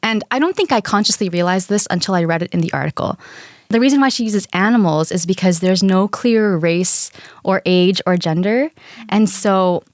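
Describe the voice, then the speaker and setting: A young woman co-hosts a casual podcast chat, earnest and gushing as she retells what she read. Her voice sits in a middle pitch, recorded close and dry with no room sound. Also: moderate pace, dry recording. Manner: earnest and gushing, tells stories with quotes. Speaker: podcast co-host.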